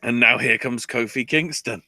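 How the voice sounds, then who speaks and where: A man's voice: medium pitch, normal speed, pushed and bright, no echo. A man hosting a podcast, recapping a show in casual chat with sarcastic, exasperated storytelling. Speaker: podcast host.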